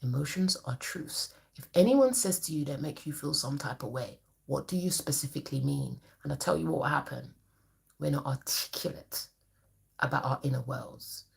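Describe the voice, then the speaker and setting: A woman's voice: very deep voice, lively intonation, normal speed, gravelly. A woman, a therapist, giving an emphatic, colloquial motivational talk to camera in a preachy manner.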